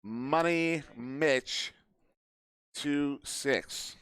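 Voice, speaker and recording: A man with a fairly high voice and a smooth, resonant tone does live play-by-play for an esports match. He chats loosely and jokes with people in the room between calls. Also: drawn-out words, fairly bright tone, dry recording. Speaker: esports caster. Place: live event venue.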